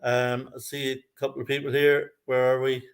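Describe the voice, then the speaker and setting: An Irish man hosting a casual live fan stream, easygoing and playful, with a voice of ordinary middle pitch. He chats loosely, laughs a lot and greets viewers by name. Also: flat delivery, moderate pace. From Ireland. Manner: jokey, chatty, laughs often.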